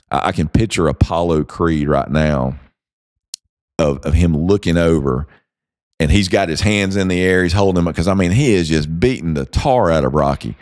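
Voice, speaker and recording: Deep-voiced man giving motivational podcast talk. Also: darkish tone, dry recording, clean studio sound. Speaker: podcast host.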